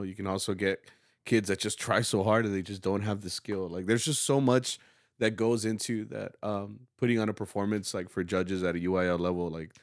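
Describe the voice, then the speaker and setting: Casting note: man, low voice, dry close mic, relaxed podcast host who directs school music and slips into Spanish. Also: no room sound. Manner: relaxed, rambling, laughs often, mixes in Spanish. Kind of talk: casual podcast chat.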